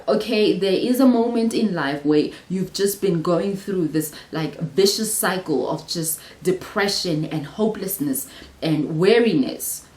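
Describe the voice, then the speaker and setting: A woman's voice: lowish voice, unhurried, a little mellow, roomy sound, low-quality recording. A woman hosting a Bible study, who teaches in a casual, earnest way and thinks aloud, often restarting her sentences.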